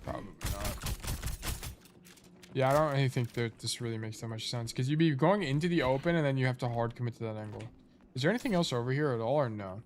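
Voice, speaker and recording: A man's voice: mid-range voice, fast talker, slight background noise. A man giving casual live-stream coaching on a game replay, thinking aloud in a laid-back, slightly sleepy way and often trailing off to correct himself.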